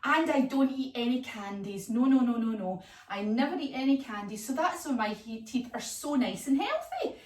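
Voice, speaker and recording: A woman's voice: fairly high pitch, sing-song, moderate pace, a little mellow. A woman voicing a female shark who is very proud of her clean teeth. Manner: smug, self-satisfied. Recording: echoey room, voice from far off.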